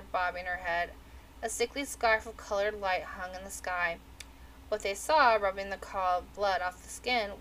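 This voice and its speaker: A woman narrating a novel aloud in a steady, measured reading. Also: medium pitch, slight background noise, low-quality recording. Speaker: audiobook reader. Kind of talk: storybook narration.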